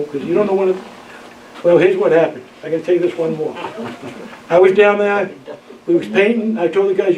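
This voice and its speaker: Older man, high voice and mellow tone, tells folksy stories, recorded distant in a roomy, dull room. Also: slight background noise. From Maine, USA. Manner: rambling, folksy, laughs often, many "you know"s. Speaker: interviewee, retired Coast Guard keeper. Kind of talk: storytelling oral history. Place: library room.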